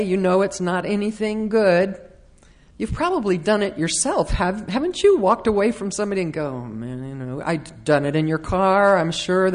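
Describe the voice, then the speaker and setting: A middle-aged woman preaching a conversational sermon, slipping into acted-out quotes of complaining voices. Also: mid-range voice.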